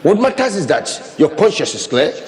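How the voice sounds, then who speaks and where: A man's voice: fairly high pitch, very animated, moderate pace, darkish tone. A man preaching a sermon as pastor, talking animatedly, repeating and restarting phrases as he demonstrates with his hands. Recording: long reverb of a hall.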